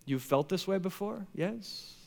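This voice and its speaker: Man, pastor, sermon, higher-pitched voice, long hall echo, animated, hushed to loud. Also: measured pace, vocal fry. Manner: animated, swings from hushed to near-shouting.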